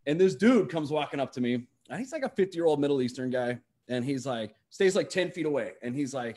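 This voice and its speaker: A man's voice: medium pitch, lively intonation, fairly quick, hardly any pauses, darkish tone. A young man doing stand-up on a video call, telling a story in a rambling way full of "like" and restarts. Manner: rambling, full of "like" and restarts, acts out quoted voices. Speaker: stand-up comedian. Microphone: video call microphone.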